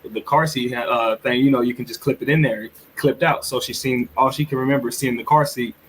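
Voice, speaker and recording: A man's voice: mid-range voice, fairly bright tone, slight background noise, low-quality recording. A man co-hosting a podcast, telling a story in a rambling, earnest way full of restarts. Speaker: podcast co-host. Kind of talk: casual storytelling chat.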